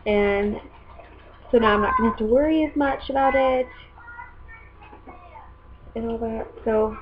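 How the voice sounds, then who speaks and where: A young mother chats casually from home, rambling along with plenty of ums. Her voice sits slightly high for a woman. A faint hiss stays in the background. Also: unhurried, highs cut off. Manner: chatty and rambling, with many "um"s. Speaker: mother and vlogger. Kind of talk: casual chat.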